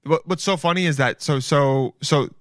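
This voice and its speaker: A man's voice: on the high side, moderate pace, dry recording, studio quality. Rambling, joking male podcast host. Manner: rambling, swears, keeps saying "dude". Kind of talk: casual comedic commentary.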